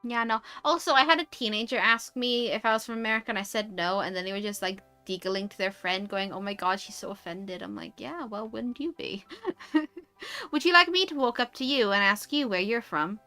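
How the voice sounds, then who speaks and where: A British woman chatting casually on a stream, animated and quick to rant, swearing freely. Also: on the high side, clean tone, soft background music. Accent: British English. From United Kingdom. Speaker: VTuber streamer. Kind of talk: casual chat.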